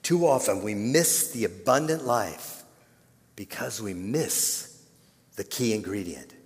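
Male pastor, dramatic sermon, hushed then loud, long hall reverb. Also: on the low side, lively intonation, takes it slowly. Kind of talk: sermon storytelling.

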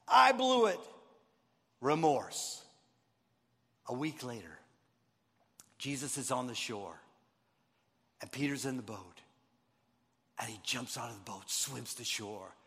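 Conversational male pastor in echoing hall. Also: a little high. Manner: conversational, animated storytelling with self-deprecating asides. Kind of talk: sermon.

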